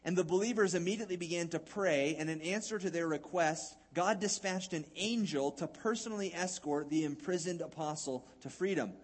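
A man's voice: a little high, fairly quick, few pauses, slightly rough. A male pastor preaching a sermon in a conversational, folksy way, acting out Bible scenes.

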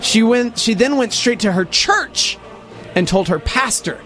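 Animated high-voiced man telling a story. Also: measured pace, faint music behind. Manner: animated, puts on voices for quotes, sweeping pitch jumps. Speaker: storyteller in a podcast chat. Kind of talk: casual chat, retelling a news story.

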